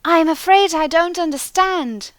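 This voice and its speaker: A woman's voice: very high-pitched, a little slow, no room sound, pitched above the performer's own voice. A woman voicing a lost, courteous male clerk who speaks earnestly.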